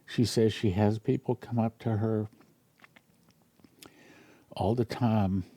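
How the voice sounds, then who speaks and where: In a sermon, a man in his sixties who is a pastor reads out an account of a dream and talks with earnestness, turning quiet and emotional over something personal. He speaks slowly, with a lowish voice and fairly even intonation.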